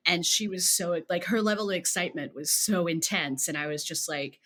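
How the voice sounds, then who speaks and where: Chatty woman podcast host, low voice. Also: fairly quick, few pauses, pushed and bright. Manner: chatty, laughs easily. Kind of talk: casual podcast chat.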